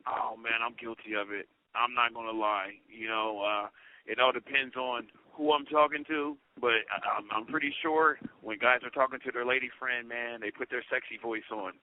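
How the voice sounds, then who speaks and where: A man's voice: medium pitch, moderate pace. Man telling prison stories over a tinny phone line. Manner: animated storyteller, peppers talk with "you know". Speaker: guest, incarcerated comedian. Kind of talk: storytelling comedy chat. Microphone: prison phone call.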